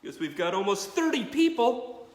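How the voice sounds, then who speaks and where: A man doing stand-up in a living room, his higher voice swinging widely as he rambles through a story and bursts into loud, profane punchlines. The room gives a strong echo with a long tail, and a faint hiss sits underneath. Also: big pitch swings, moderate pace. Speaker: stand-up comedian. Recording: echoey room, faint background noise.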